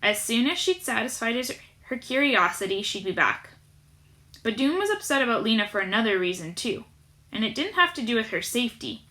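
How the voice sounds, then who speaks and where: Bright expressive woman reading a storybook. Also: on the high side, brisk. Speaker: audiobook narrator. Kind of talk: audiobook reading.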